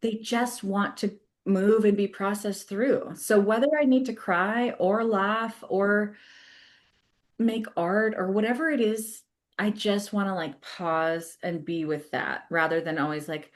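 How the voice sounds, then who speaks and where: A woman's voice: mid-range voice, fairly even intonation, unhurried. A woman therapist talking in a casual podcast conversation, thoughtful, laughing easily and using plenty of fillers. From California. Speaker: therapist guest.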